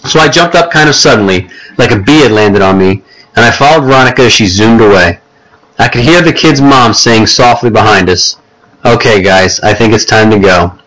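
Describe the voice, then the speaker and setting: A man's voice: medium pitch, lively intonation, fairly quick, fairly bright tone, low-quality recording. Man narrating a first-person story. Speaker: audiobook narrator.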